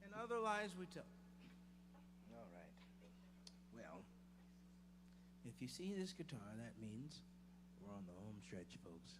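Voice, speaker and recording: Lively joking bandleader man on stage. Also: medium pitch, unhurried, pauses often, noisy background. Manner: joking, rambling, chatty with the crowd. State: out of breath. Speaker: blues bandleader and singer. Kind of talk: stage banter between songs. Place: blues club stage.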